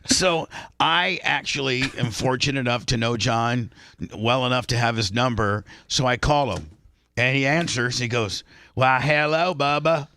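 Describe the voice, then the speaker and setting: A man's voice: mid-range voice, moderate pace, pushed and bright. A man hosting a radio talk show, telling stories in a rambling way with lots of restarts. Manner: rambling storyteller with many restarts.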